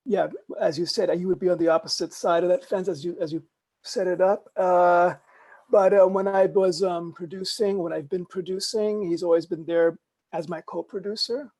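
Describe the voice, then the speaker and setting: A man's voice: high-pitched, fairly even intonation, normal speed, darkish tone. A middle-aged man from Germany with a faint German accent, an actor chatting thoughtfully on a video-call panel, hesitating often with ums. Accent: slight German.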